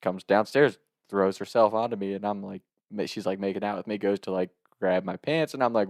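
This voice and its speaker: A man telling a funny personal story in a casual, animated way, laughing often and swearing freely. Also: lowish voice, brisk, few pauses, no room sound, clean studio sound.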